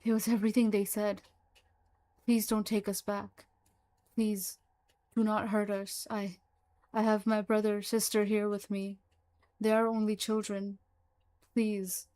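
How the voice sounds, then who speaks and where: A woman's voice: medium pitch, flat delivery, a little slow, long pauses, warm tone, natural voice. A woman voicing a frightened alien creature that resembles a young girl, pleading desperately.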